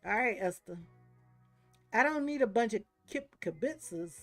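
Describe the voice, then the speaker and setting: A woman's voice: a little high, animated, a little slow, soft background music. A woman voicing a feisty older woman, a sly and teasing divorcee who runs a neighborhood club, in a game. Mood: wry.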